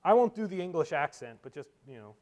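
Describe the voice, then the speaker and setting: A man preaching a sermon, moving between loud emphatic delivery and quiet, low asides. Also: big pitch swings, fast. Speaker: pastor.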